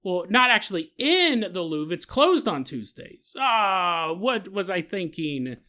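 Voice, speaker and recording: A man's voice: high voice, big pitch swings, a little slow, sharp tone. A man hosting a podcast, telling a story in a comedic, jokey way and laughing at his own asides. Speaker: podcast host.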